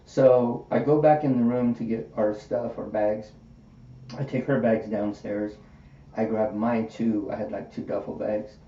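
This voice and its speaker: A man's voice: on the low side, measured pace. A man hosting a podcast, telling a personal story casually and acting out the quoted dialogue. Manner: animated, acts out quoted dialogue. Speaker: podcast host. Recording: roomy, distant, dull with faint hiss.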